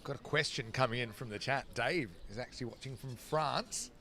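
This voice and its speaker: An Australian man commentates live cricket in a mid-range, bright, forceful voice at a fairly quick pace. He chats between balls and breaks off to call the play.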